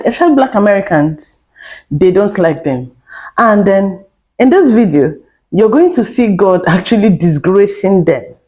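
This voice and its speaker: A woman's voice: medium pitch, warm tone. A woman introducing a commentary video in a pointed, preachy way. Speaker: channel host.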